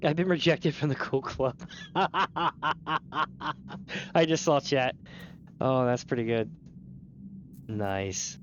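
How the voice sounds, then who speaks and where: A man's voice: mid-range voice, slow pace, pauses often, fairly bright tone, highs cut off, slight background noise. A man streaming a game, chatting casually with his viewers in a rambling way that is full of casual swearing. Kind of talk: casual gaming stream chat.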